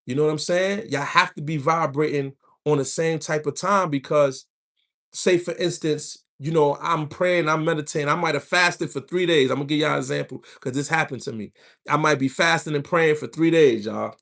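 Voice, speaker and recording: A man's voice: on the high side, normal speed, creaky, a bit bright. A man hosting a livestream, giving casual spiritual advice and telling stories with slang and asides to his viewers. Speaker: livestream host.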